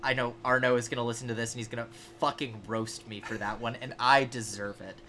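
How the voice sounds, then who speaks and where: Bright-voiced young man telling stories. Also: mid-range voice, brisk. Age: 20s. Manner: animated, self-mocking anecdote teller. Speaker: podcast co-host. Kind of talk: casual chat, storytelling.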